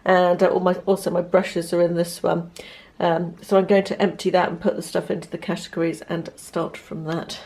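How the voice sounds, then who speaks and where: A woman, talking chattily and rambling through a casual vlog with many pauses. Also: lowish voice, little pitch movement, a little mellow, breathy edge. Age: 50s. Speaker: lifestyle vlogger. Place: car, then at home.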